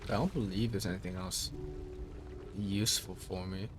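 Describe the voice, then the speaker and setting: A young man playing a game blind, thinking aloud and reading its lore text in a measured voice. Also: low-pitched, fairly even intonation, over music. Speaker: let's play streamer.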